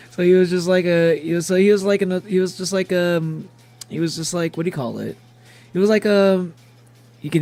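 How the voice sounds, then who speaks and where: A man's voice: medium pitch, gravelly, mellow. A young adult man chatting casually as a game streamer, rambling and laughing often, with faint music behind. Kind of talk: casual gameplay streaming chat.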